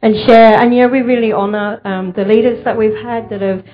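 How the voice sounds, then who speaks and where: A woman's voice: a little high, fairly even intonation, a little fast, faint music behind. A woman enthusiastically sharing about her youth church team and thanking its leaders. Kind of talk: church announcement. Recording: muffled church recording.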